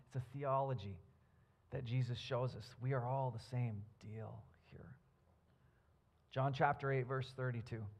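A man preaching a sermon as a pastor, earnest and building his points with emphasis. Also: medium pitch.

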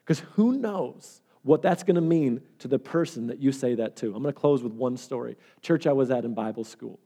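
A man's voice: medium pitch, moderate pace, mellow. A male pastor preaching a sermon in an earnest, conversational way and telling stories.

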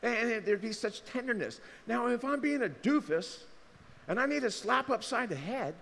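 Male pastor, expressive sermon delivery, long hall reverb. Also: high-pitched, normal speed, creaky. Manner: animated, shifts between quiet asides and loud emphatic bursts. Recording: hall reverb with faint ambience.

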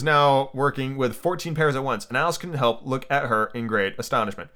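A man's voice: mid-range voice, a little fast, hardly any pauses, bright, forceful tone. A man hosting a podcast, reading a children's book aloud with rambling, filler-heavy asides. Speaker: podcast host.

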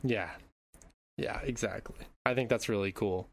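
A man's voice: on the low side, a little slow, slight background noise. A man hosting a casual movie podcast, reading plot summaries and cracking crude jokes. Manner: crude joking, reads plot summaries aloud. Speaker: podcast host. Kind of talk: casual movie recap chat.

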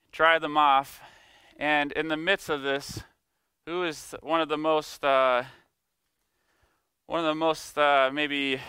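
A man preaching a sermon, emphatic, slowing down to stress key words and acting out quoted speech. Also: fairly high pitch, bright, forceful tone, smooth, no room sound. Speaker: pastor.

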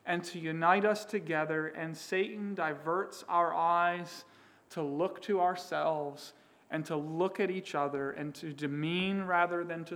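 High-voiced emphatic male preacher. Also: a bit bright. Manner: emphatic preaching, voicing quoted figures. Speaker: pastor. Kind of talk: sermon.

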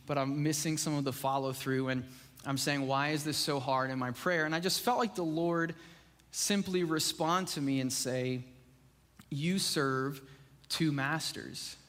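A man's voice: on the high side, normal speed, fairly bright tone. A man preaching a casual sermon in a church, talking conversationally with many "like"s and "right?"s. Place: church sanctuary. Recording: long reverb of a church hall.

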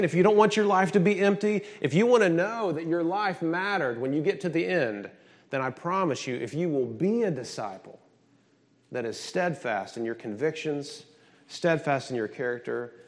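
A man preaching a sermon, emphatic and animated, asking the congregation questions and telling family stories. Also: mid-range voice. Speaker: pastor.

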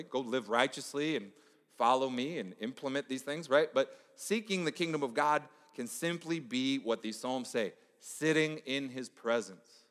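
A middle-aged male pastor giving a conversational, storytelling sermon, dropping to a hush for emphasis. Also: mid-range voice. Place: church sanctuary. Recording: echoey church hall.

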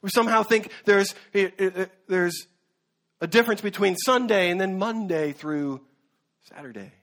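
A man's voice: sits high, unhurried, fairly bright tone. Earnest man preaching a sermon. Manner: earnest, with fillers and self-corrections. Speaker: pastor.

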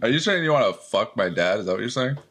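A man's voice: on the low side, animated, fast, a bit bright, husky. A man co-hosting a podcast in casual chat, joking and laughing often. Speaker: podcast co-host.

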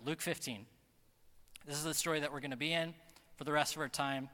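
Bright-voiced man preaching in a reverberant hall. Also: on the high side. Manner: earnest, emphatic, slows down on key phrases. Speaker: pastor. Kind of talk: sermon. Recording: long reverb of a large hall.

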